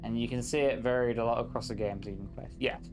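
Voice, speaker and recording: A man's voice: medium pitch, fairly even intonation, quick pace. Joking man streaming a game. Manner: joking, teasing banter, reads chat aloud. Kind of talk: casual live-stream chat while gaming.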